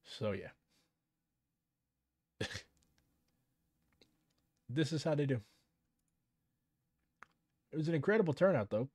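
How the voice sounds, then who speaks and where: A man's voice: a little high, big pitch swings, slow pace, long pauses, darkish tone, breathy edge, dry recording. A man giving casual live commentary on a news story, sardonic and swearing freely as he reads statements aloud.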